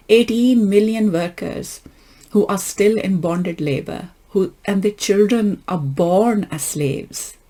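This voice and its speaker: A middle-aged woman giving an earnest explanatory lecture, slowing down to stress key points. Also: on the low side, darkish tone, breathy edge. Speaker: lecturer on Islamic thought.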